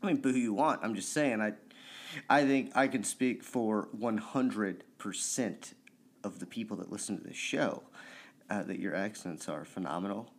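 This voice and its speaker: A man's voice: on the low side, normal speed. A man co-hosting a podcast, bantering in a crude, joking way and calling his co-host dude.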